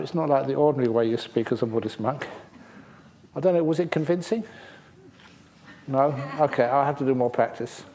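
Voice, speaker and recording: A man's voice: on the high side, a little hiss or hum. A man, a Buddhist monk teacher, giving a dharma talk and answering questions, playful and humorous as he tells stories. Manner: lively storyteller, playful and humorous. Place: retreat centre hall.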